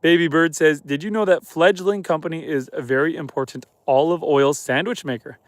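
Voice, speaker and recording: A homesteader from Canada chats on a livestream from his snowy yard after dark. He reads viewer comments aloud and answers them in an easy, relaxed way. His voice sits a little higher than most men's, and the sound is dry and close to the phone mic. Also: fairly quick, no room sound. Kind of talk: casual live stream chat. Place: outdoors at night on a snowy homestead.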